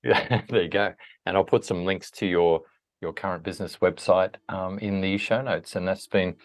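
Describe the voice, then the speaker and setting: A man's voice: low voice, fairly even intonation, normal speed. A man hosting a podcast interview, asking questions and wrapping up in a friendly, reflective manner. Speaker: podcast host. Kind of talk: interview hosting, closing narration.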